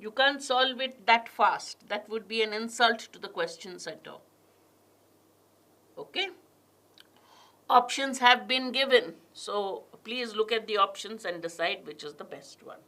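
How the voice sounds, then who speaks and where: A woman leads an online exam prep lesson. Her voice is bright and a little high. She reads passages slowly and deliberately, leaning hard on linking words, then turns to quiz her students. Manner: reads passages aloud with strong stress on linking words, asks the class questions. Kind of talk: online class lecture.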